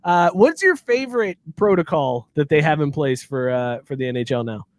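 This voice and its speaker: A young man with a slightly high voice, co-hosting a loose, jokey podcast chat. He laughs easily and ribs his friends while asking about hockey news. The delivery is casual and conversational. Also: animated, moderate pace. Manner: joking, laughs often. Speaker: podcast co-host.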